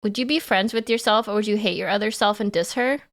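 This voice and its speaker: A woman's voice: medium pitch, quick pace. A woman livestreamer chatting casually with her chat in a playful, giggly way.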